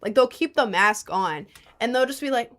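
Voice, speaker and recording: A young woman livestreaming, chatting casually with her viewers in a rambling, animated way with lots of "like" and laughter. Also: on the high side, normal speed. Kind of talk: casual livestream chat reading viewers' messages.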